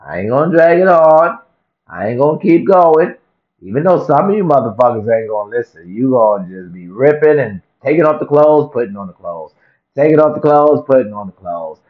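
A man delivers a profane, comic vlog rant, circling back on the same lines for effect. His pitch swings widely as he talks. The recording sounds dull and lo-fi. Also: a little fast. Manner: profane, animated, repetitive rant. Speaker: vlogger. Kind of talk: comedic rant to camera.

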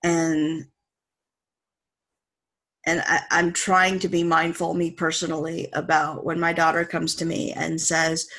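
A woman's voice: deep voice, flat delivery, measured pace, long pauses. A woman in casual conversation, affirming her partner and telling stories about parenting her young daughter. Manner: warm, affirming, quotes her child in storytelling.

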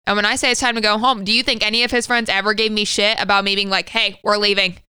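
A woman's voice: mid-range voice, steady tone, very fast, sharp tone, clean tone, no room sound. A woman in her thirties co-hosting a podcast, telling a personal story candidly and swearing freely. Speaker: podcast co-host. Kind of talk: casual conversational storytelling.

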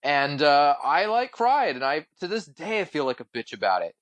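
A man's voice: on the high side, very animated, normal speed, fairly bright tone. A young man co-hosting a casual podcast, blunt and opinionated, swearing freely. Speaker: podcast co-host.

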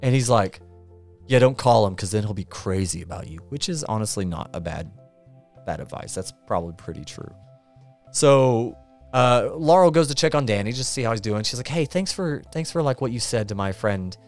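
A male podcast host recaps a movie in a loose, rambling way, full of fillers and amused asides. His mid-pitched voice swings widely as he acts out lines. Faint music plays behind him. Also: lively intonation, fairly quick.

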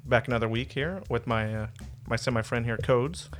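A man's voice: mid-range voice, normal speed, fairly bright tone, soft background music. A man hosting a casual podcast chat, joking around and laughing often. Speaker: podcast host.

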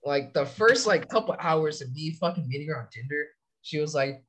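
A man's voice: fairly high pitch, expressive, moderate pace, hardly any pauses, a bit bright. A young man from California, a soldier, telling long profane stories in casual chat. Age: young adult. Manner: profane, rambling storytelling. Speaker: soldier podcast guest.

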